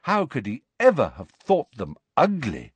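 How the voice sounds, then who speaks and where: A male audiobook narrator with a lively, animated delivery and a mid-pitched voice. The reading is dry and close, with no room sound. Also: measured pace, breathy edge, no room sound, highs cut off. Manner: expressive storytelling. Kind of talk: scripted narration.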